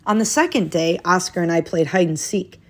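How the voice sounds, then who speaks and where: Slightly low-voiced woman reading a storybook. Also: brisk. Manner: expressive, lifting her voice at new days and exclamations. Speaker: picture book reader. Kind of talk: children's storybook read-aloud.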